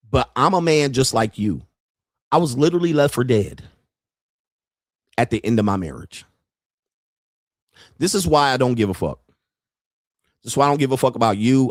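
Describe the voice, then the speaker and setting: A man's voice: mid-range voice, no room sound. Heated, profane podcast man, dry sound. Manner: profane, heated, preachy, repeats lines for emphasis. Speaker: podcast host. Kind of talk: ranting monologue.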